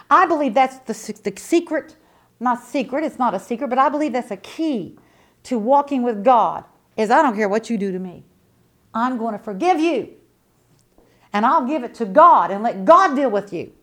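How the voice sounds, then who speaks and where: A middle-aged woman preaching with a high, bright voice. She is fervent and emphatic, hammering one phrase again and again and firing off rhetorical questions at the congregation. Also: lively intonation, moderate pace. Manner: emphatic and testifying. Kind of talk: sermon.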